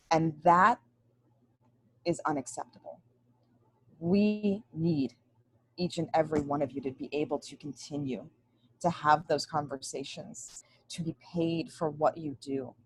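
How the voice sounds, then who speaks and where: Earnest webinar host, woman with a deep dry voice, emphatic delivery on a video call. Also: a little mellow, slightly rough, no room sound, low-quality recording. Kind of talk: webinar introduction.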